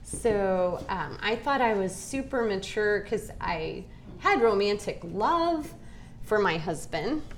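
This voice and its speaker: At a Christian women's gathering, a woman in her forties teaches from the Bible in a personal, confessional way, earnest, slow and deliberate. Her medium-pitched voice is animated, with a little hiss or hum in the recording.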